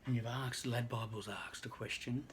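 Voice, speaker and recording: A man who works as a registered nurse, telling a personal story in an earnest, halting way that often drops to a hushed near-whisper. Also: medium pitch, fairly even intonation, noisy background. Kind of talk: personal story told to camera.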